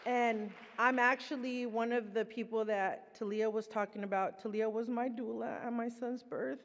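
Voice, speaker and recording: A woman's voice: on the high side, steady tone, moderate pace. Heartfelt woman speaking in a reverberant hall. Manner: loose and heartfelt, many fillers. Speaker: panel speaker, recovery program participant. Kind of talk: conversational presentation.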